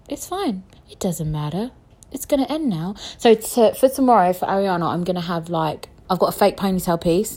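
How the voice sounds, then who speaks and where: A young woman chatting casually on her podcast, frank and jokey, swearing freely and talking straight to her listeners. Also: moderate pace. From England. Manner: lively swings in pitch and loudness. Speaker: podcast host.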